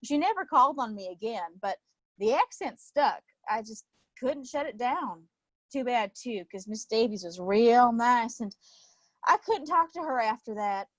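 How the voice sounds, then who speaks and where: A woman's voice: on the high side, lively intonation, measured pace, no echo. A woman playing a nervous young man with OCD who stammers and talks in a folksy, put-on Texan drawl, in a live play reading.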